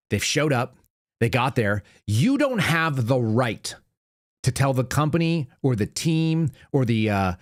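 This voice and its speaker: A man's voice: mid-range voice, no echo. Chatty male podcast host, dry sound. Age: adult with young child. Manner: conversational, repeats words when restarting. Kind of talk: casual live-show monologue.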